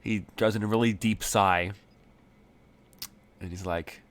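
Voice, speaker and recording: Man game master, low voice, casual hesitant narration. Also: fairly even intonation, a little slow, pauses often. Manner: rambling, hesitant, many fillers.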